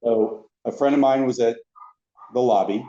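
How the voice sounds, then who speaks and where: A man telling anecdotes as a podcast guest, a lively storyteller who acts out the other people in his stories. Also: mid-range voice, normal speed. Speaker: podcast guest, former theme park ride attendant. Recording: roomy, dull lo-fi sound.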